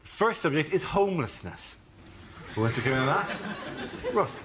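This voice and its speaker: A man hosting a panel show, briskly announcing topics and introducing each comedian. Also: a little high, big pitch swings, heavy background noise. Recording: loud audience in a TV studio.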